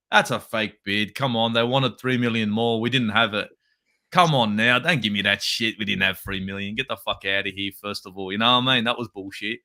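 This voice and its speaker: A man's voice: mid-range voice, bright, forceful tone. A man with an Australian accent, a guest fan, swearing and joking in a mocking way.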